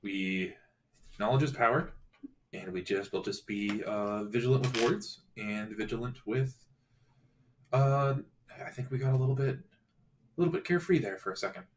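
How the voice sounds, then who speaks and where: A man's voice: medium pitch, normal speed, pauses often, slight background noise. A man playing a tabletop game, hesitant and self-correcting as he talks in character. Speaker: player.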